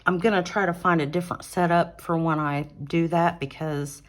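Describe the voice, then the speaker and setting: A woman hosting an adult coloring channel, chatting casually through her finished pages, relaxed, with fillers and self-corrections, recorded on a phone at home. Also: lowish voice, moderate pace. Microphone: phone on an arm mount.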